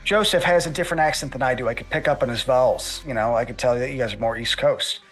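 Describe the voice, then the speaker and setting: A man's voice: mid-range voice, fast, a bit bright, soft background music. A man chatting casually as a podcast guest, rambling and swearing, often restarting his sentences. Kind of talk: casual chat.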